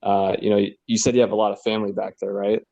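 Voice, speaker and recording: A man's voice: lowish voice, little pitch movement, quick pace, gravelly, mellow, dry recording, highs cut off. A man hosting a casual interview, asking easygoing questions with fillers. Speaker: podcast host.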